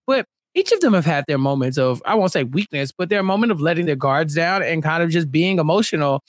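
A man's voice: a little high, fairly quick, hardly any pauses, no echo, clean studio sound. A man co-hosting a podcast, chatting casually and acting out quotes from a show in raised voices. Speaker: podcast co-host. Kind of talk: casual recap chat.

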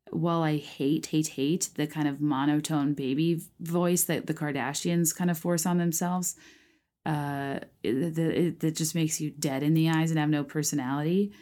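Woman in her 30s, podcast host, low mellow voice w a bit of fry, rambly and full of fillers. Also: fairly even intonation, normal speed. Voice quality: some vocal fry. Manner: rambling, self-interrupting, lots of fillers and "like". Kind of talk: casual chat, reacting to listener prompts.

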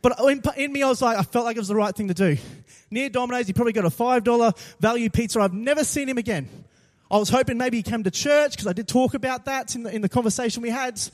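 A young man, a pastor telling a dramatic story in an animated sermon to his congregation, with bursts of loud emphasis. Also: very high voice, quick pace.

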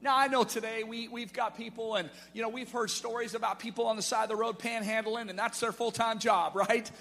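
A man preaching a sermon with a very high, bright, forceful voice. He drives his points home with emphasis and calls out to the congregation. The sound carries a long church-hall reverb. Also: steady tone, a little fast, creaky. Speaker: pastor. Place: church sanctuary.

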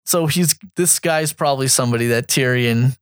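A man's voice: medium pitch, normal speed, clean tone, no room sound, studio quality. A young man co-hosting a podcast, chatting casually about a story game and acting out quoted lines in shifting voices. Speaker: podcast co-host.

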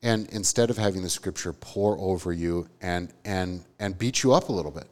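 A man's voice: deep voice, moderate pace, darkish tone. A man co-hosting a live podcast, talking earnestly and with emphasis, often asking "right?". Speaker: podcast co-host, theology teacher. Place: live event before an audience.

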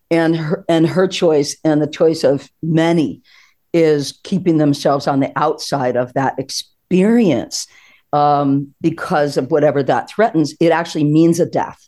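A woman guest on a podcast, telling a personal story in an animated, expressive way and laughing often. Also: low-pitched, a little slow.

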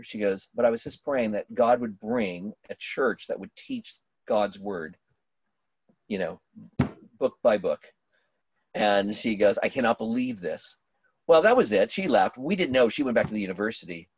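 A middle-aged man, a pastor, telling a story in conversation, animated, with many restarts and fillers. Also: on the low side, slightly rough, no room sound.

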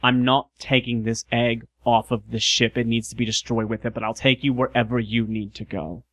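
A man's voice: mid-range voice, flat delivery, normal speed, fairly bright tone, no room sound, clean studio sound, natural voice. A man playing the Doctor, a stubborn ancient time traveller who firmly refuses a demand, in his own voice. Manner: firm, insistent refusal.

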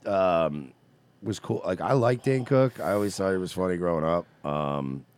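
Laid-back podcast co-host, a man with a low voice and wry, rambling jokes. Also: normal speed, darkish tone, smooth. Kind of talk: casual comedic banter.

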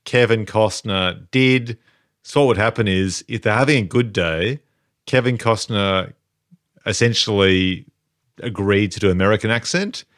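A man's voice: lowish voice, a little slow, fairly bright tone, no room sound, clean studio sound. A man hosting a casual podcast chat, leading segments and reading out trivia. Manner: leads segments, reads trivia aloud. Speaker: podcast host.

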